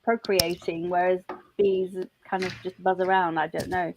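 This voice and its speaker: A woman's voice: fairly low pitch, little pitch movement, moderate pace, noisy background. A woman hosting a live online maths lesson, chatting with her guest and thinking aloud.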